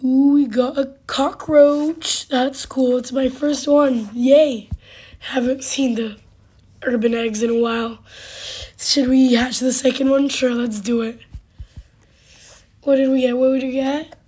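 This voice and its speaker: Hoarse high-voiced woman gaming host. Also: fairly even intonation, warm tone. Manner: halting, with many fillers and sudden drops to a whisper. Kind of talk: casual gameplay commentary.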